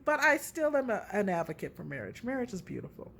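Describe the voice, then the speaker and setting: A middle-aged woman hosting a casual relationship talk, candid and animated as she tells her own story. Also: a little high, fast talker, creaky.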